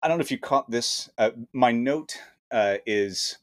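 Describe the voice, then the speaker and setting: A man's voice: mid-range voice, a little slow. Incredulous man reading from his notes. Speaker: podcast co-host. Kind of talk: casual movie-riffing chat.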